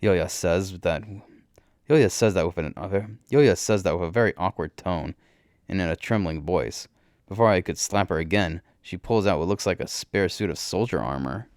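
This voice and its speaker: A man reads a first-person story aloud, brisk and wry, with bursts of excitement. His voice is very low. The sound is dry and close, with no room to it. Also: clean tone, dry recording.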